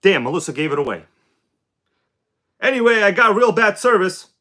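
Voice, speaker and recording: A man hosting a live stream in a loose, joking way, calling out viewers by name as he goes. His voice sits a little high and swings widely in pitch. The tone is bright and forward. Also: big pitch swings, moderate pace. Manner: joking, chatty, greets chat viewers by name. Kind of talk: casual live-stream chat.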